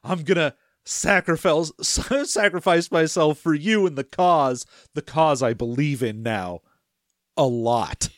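A man's voice: a little high, takes it slowly, no echo. A man voicing a jittery young woman agent, melodramatically offering to sacrifice herself, in a lightly altered voice close to his own. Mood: panicky.

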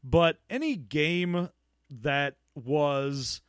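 Brief: relaxed male co-host, slightly high voice, dry close sound. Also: drawn-out words, clear, resonant tone, no room sound. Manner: laid-back, jokey, laughs often. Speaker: podcast co-host. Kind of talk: casual chat.

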